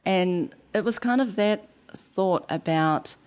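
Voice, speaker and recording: A woman's voice: medium pitch, slow pace, a little mellow, clean tone. A woman from New Zealand with a New Zealand accent, a game developer telling stories in an interview, acting out quotes and laughing easily. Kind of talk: conversational interview.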